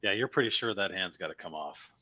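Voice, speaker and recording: A man narrating as dungeon master in a tabletop game, calm and low-key with frequent fillers. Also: brisk, dry recording, muffled recording.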